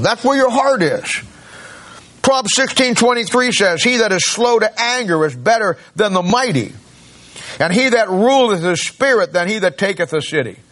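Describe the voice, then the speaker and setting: A man's voice: high-pitched, fairly bright tone. A male pastor giving a folksy, conversational sermon, often restarting his sentences.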